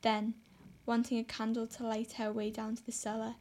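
A woman reading a classic novel aloud as narrator, in a measured way. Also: on the high side, completely flat delivery, darkish tone. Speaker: audiobook narrator. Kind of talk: storybook narration.

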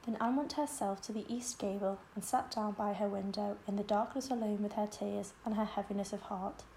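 A woman reading a classic novel aloud as an audiobook narrator, in calm, measured storytelling. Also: mid-range voice, a little hiss or hum, low-quality recording.

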